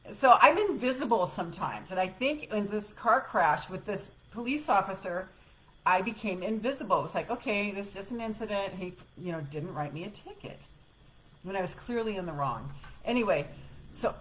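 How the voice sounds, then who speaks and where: A woman's voice: on the low side, animated, moderate pace, a bit bright, a little hiss or hum, rough recording. A middle-aged woman hosting a live self-help show, rambling casually through a personal story with laughs and the odd swear word. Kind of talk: rambling casual chat with viewers.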